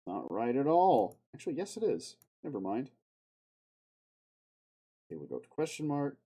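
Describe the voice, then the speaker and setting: Streamer type, male, husky and mellow tone, lively swings in pitch, profane self-talk while working. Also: moderate pace. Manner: profane, muttering to himself, sudden outbursts. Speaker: live streamer.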